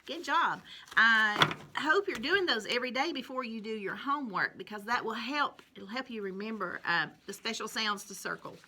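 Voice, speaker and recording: A woman teaching a kindergarten phonics lesson, patient and encouraging, drawing out each sound slowly and clearly. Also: on the high side, animated, pushed and bright, slight background noise. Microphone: recorded alone at home for distance learning.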